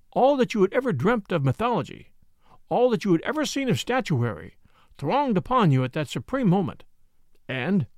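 A man voicing a grave, kindly older art professor who speaks with measured fervor. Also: high-pitched, no room sound, clean studio sound, heavily acted. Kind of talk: audiobook character voice.

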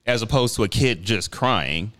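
A man's voice: on the low side, lively intonation, moderate pace, pushed and bright. A man co-hosting a podcast, a parent, talking in a blunt, profane, heated way in casual chat. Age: adult parent. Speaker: podcast co-host.

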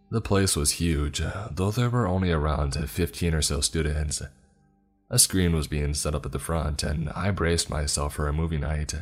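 Man reading a first-person story, super deep voice, steady and even, soft music playing under it.

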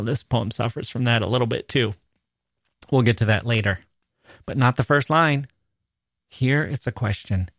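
A man's voice: medium pitch, moderate pace, long pauses, fairly bright tone, no room sound, studio quality. A man hosting a literature podcast, giving a playful, enthusiastic lecture and reading verse lines aloud with their rhythm. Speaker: podcast host.

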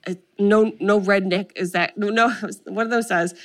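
A young woman chatting casually as a co-host, walking through a film's plot. She tells it with lively energy and acts out the characters' lines with swearing. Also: medium pitch, moderate pace. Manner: animated storytelling, acts out quotes with swearing. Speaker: podcast co-host. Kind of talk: casual chat retelling a film.

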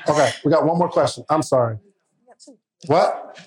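A woman's voice: low voice, normal speed. A woman moderating a live Q&A, calling the next questions and giving short, hyped-up reactions. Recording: loud crowd and noise behind the voice.

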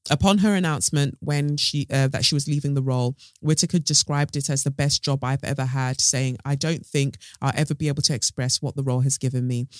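A man's voice: medium pitch, steady tone, fairly quick, few pauses, no echo, clean studio sound. A man hosting a podcast, reading news aloud and adding playful, rambling asides. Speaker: podcast host.

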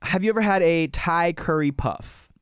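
A man hosting a podcast in casual, animated chat, swearing freely, laughing often and slipping into voices. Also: on the high side, normal speed, clean tone, dry recording, studio quality. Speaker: podcast host.

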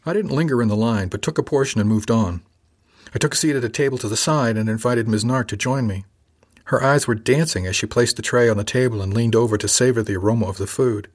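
Calm man reading an audiobook, husky voice. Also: mid-range voice. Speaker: narrator. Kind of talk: first-person audiobook narration.

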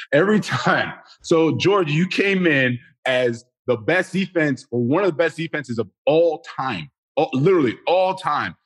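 Blunt, emphatic man talking football. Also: medium pitch. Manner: blunt, emphatic, animated storytelling. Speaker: guest, former football player. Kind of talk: casual sports talk.

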